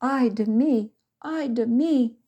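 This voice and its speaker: A woman's voice: on the high side, sing-song, takes it slowly, mellow, husky, voice pushed up, heavily acted. A woman voicing a frightened, melodramatic housemaid who wails and sobs. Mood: wailing. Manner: wailing, sobbing.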